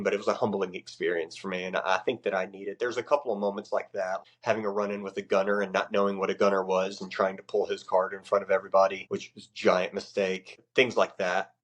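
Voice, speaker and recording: A man, a Navy chief and podcast guest, telling war stories in a blunt, profane way. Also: fairly bright tone. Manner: blunt, profane, acts out quoted people in a much higher voice. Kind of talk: casual storytelling.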